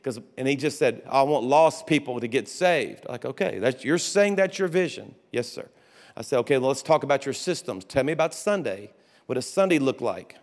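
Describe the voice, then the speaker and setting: A man's voice: medium pitch, lively intonation, normal speed. A man pastor, telling folksy stories in a sermon full of restarts and asides. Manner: folksy storytelling with restarts and laughter. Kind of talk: conference sermon. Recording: long hall reverb.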